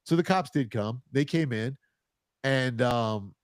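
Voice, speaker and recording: A man in his fifties casually telling a rambling, animated anecdote, often chuckling as he goes. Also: mid-range voice, takes it slowly, no echo, studio quality. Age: 50s. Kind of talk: casual storytelling.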